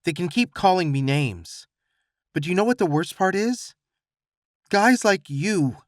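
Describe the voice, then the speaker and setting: A man's voice: sits high, lively intonation, unhurried, no room sound, studio quality, pitched above the performer's own voice. A man voicing a lovesick young man near tears. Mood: pleading. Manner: pleading, voice tight and warbling.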